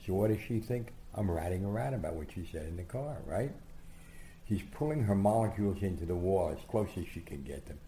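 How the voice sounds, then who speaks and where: An older man telling anecdotes as an interview guest, animated, acting out quotes and often restarting his sentences. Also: sits low, a little fast, slight background noise. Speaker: guest storyteller. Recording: echoey room.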